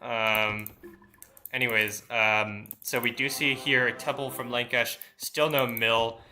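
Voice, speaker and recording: A man's voice: medium pitch, steady tone, slow pace, bright, forceful tone. A man commentating a strategy game match, thinking aloud with many fillers and restarts. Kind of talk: esports commentary.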